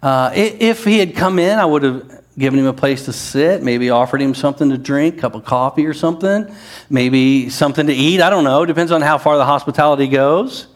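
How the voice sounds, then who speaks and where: Man preaching a lively sermon. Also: on the high side, a little fast. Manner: conversational preaching with asides and rising emphasis. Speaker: pastor.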